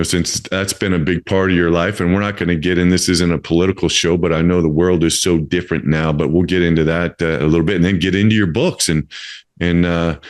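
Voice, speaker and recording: A podcast host in his fifties leads a casual interview chat in a notably low voice. He rambles and doubles back on his words, filling pauses with lots of uhs and ums and restarting often.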